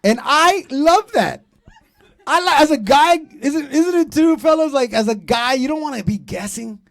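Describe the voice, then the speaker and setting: A man in his thirties hosting a comedy show, doing loud, profane, teasing crowd work from a club stage. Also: extremely high pitch, animated, normal speed, vocal fry.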